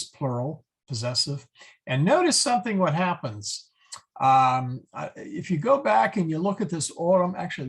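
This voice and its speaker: A man teaching a Latin class in a halting lecture, with many fillers and self-corrections. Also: a little high, gravelly, slightly rough.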